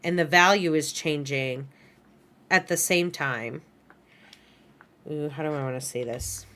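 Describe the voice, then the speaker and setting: A woman's voice: sits low, unhurried, fairly bright tone. A woman teaching an animation class at her computer, talking casually and correcting herself as she goes. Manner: casual, self-correcting, lots of "right?" and "kind of". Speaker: animation instructor. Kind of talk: recorded class lecture. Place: screen-share lesson at a computer. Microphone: headset or desk mic she adjusts.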